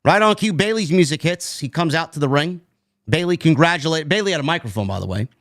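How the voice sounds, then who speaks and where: A fairly high-pitched man talks bluntly and with open exasperation, swearing as he goes. The sound is close and dry, with no room around it. He is reviewing the week's show as host. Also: expressive, quick pace, fairly bright tone, no room sound. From New York. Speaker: podcast host. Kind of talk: casual wrestling review chat.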